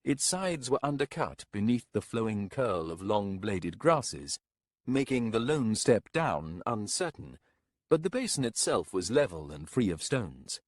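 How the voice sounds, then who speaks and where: A man narrating an audiobook in a measured, descriptive storytelling manner. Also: on the low side, very animated, dry recording. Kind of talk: scripted narration.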